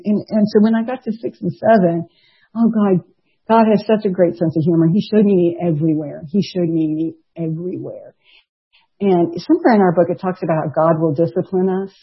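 A middle-aged woman, sharing a personal recovery testimony in an animated, storytelling way, laughing and acting out quotes. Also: medium pitch, fairly quick, husky, lo-fi sound. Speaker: recovery meeting speaker.

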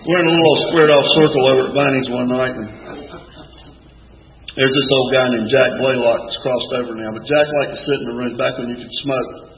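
A man's voice: medium pitch, steady tone, fairly quick, a crowd in the background. An older man, telling his story at a recovery meeting in a wry, folksy way with dry punchlines. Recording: echoey hall with dull lo-fi sound and faint room noise.

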